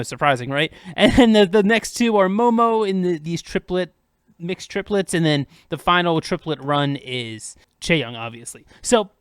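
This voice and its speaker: A man's voice: high voice, dry recording. Chatty young man, upbeat and dry. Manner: chatty, upbeat, talks through music theory with fillers. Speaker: host of a music breakdown channel. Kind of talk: casual unedited commentary.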